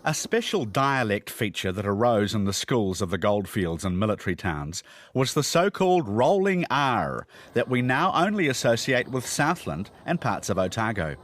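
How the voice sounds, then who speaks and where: A man with a New Zealand accent giving scripted documentary narration in a measured, storytelling way. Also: fairly low pitch, very animated, a bit bright. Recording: voice-over with music behind. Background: guitar music.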